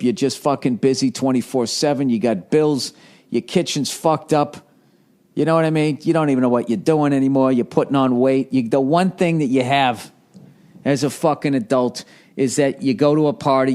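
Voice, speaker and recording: Male podcast host, forties, casual profane monologue, self-deprecating, mid-pitched voice. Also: a little mellow. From United States. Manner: rambling, profane, self-mocking.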